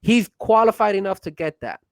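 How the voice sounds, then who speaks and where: A man co-hosting a casual wrestling chat podcast, pushy and excitable, getting loud when he is hyped. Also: high-pitched, brisk, no room sound. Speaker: co-host.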